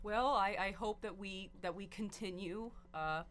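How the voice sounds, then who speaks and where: Female singer guest, slow and halting, lots of restarts, radio studio. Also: medium pitch, a bit bright, slight background noise. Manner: hesitant, many restarts and fillers, rushed. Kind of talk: casual radio interview.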